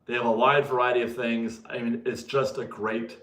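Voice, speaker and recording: In an echoey room, a man with a medium-pitched, a bit bright voice and little pitch movement speaks at a moderate pace. Hosting a casual livestream, he reads viewer donations and answers them, chatting, laughing often and correcting himself.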